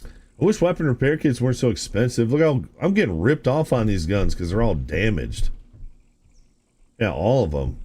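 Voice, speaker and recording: A man's voice: on the low side, big pitch swings, moderate pace, dark tone, slightly rough. A man streaming a video game, chatting casually and musing aloud to his viewers, often calling them "dude". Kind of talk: casual live-stream gameplay chat.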